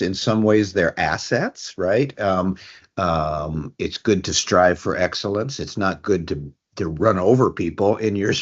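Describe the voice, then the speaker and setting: A man in his sixties, a guest in an interview, talking reflectively and haltingly with many restarts and fillers. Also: deep voice, slightly rough. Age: 60s. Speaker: guest, addiction treatment executive. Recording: dull lo-fi audio.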